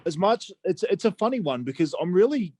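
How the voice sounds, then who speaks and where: A man's voice: high voice, sing-song, fairly quick, warm tone, no room sound. An Australian man co-hosting a fantasy football podcast, talking casually and hesitantly with frequent restarts. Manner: hesitant, many restarts and "I just think".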